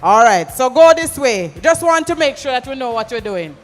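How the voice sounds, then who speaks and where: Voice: high-pitched, very animated, normal speed. A Jamaican event host with a middling voice, barking instructions and keeping a crowd in order. The sound is a long hall echo, with faint music running underneath. The talk swings between patois and plain announcing. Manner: loud, commanding crowd directions, mixing patois. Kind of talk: live event hosting. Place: large conference hall. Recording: hall reverb with music behind.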